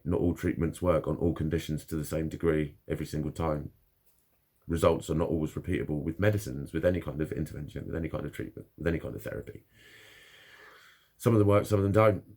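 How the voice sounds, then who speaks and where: A man's voice: low-pitched, a little mellow. A man talking frankly and bluntly in a casual monologue, swearing constantly as he opens up about his own experiences. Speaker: vlogger.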